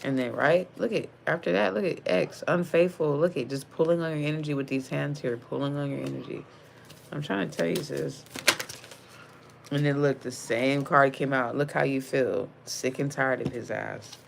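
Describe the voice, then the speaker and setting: A woman's voice: very deep voice, moderate pace, creaky, a little hiss or hum. A young woman giving a casual tarot reading, blunt and slangy with lots of profanity, calling the viewer sis. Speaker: tarot card reader.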